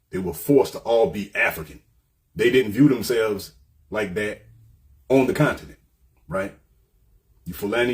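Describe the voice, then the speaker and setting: A man giving an informal lecture, explaining point by point and often checking in with "right?". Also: fairly low pitch. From United States. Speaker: commentator.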